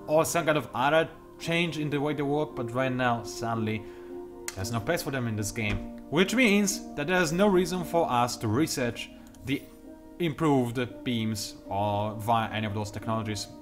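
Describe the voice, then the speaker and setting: A young man hosting a strategy game tutorial, talking quickly through detailed explanations with dry, sarcastic asides. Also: a little high. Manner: talks fast, self-admittedly. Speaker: gameplay tutorial host. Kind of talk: explanatory let's-play commentary.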